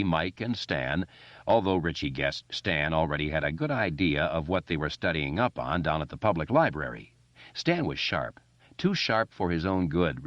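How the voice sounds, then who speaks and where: A man narrating a novel as an audiobook reader, expressive and doing voices for the characters. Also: low voice, dry recording, dull audio. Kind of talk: scripted narration.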